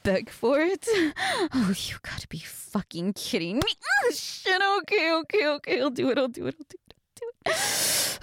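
A woman voicing a defiant young waitress in a scripted audio role-play, teasing and sarcastic, then pleading, with a breathy voice. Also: huge pitch swings, a little slow, a bit bright, no echo, full character voice. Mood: bratty. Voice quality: breathy, swings between low murmurs and high cries.

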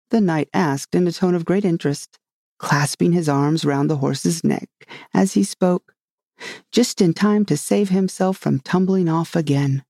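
A reader narrating a classic storybook in a steady, measured way. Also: mid-range voice, creaky, dry recording, clean studio sound.

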